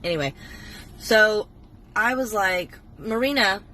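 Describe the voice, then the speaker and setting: A woman's voice: mid-range voice, lively intonation, slow, sharp tone, a little hiss or hum. A woman in her forties telling a long personal story to a phone camera in a blunt, swear-heavy way. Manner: profane, emphatic and blunt. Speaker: TikTok storyteller.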